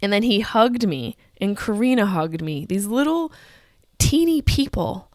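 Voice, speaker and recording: Woman, 30s, podcast host, personal story, profane, emotional, middle pitch, dry room. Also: lively intonation, unhurried, a little mellow, no echo.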